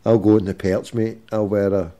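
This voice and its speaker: A man's voice: lowish voice, little pitch movement, normal speed, warm tone. A man with a Glasgow accent hosting, teasing and swearing in casual banter with a caller. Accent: Scottish, Glasgow. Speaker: host. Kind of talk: casual chat.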